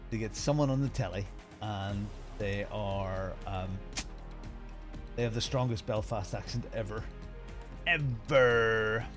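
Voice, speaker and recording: A man streaming sim racing live, chatting casually and thinking aloud with many restarts. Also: lowish voice.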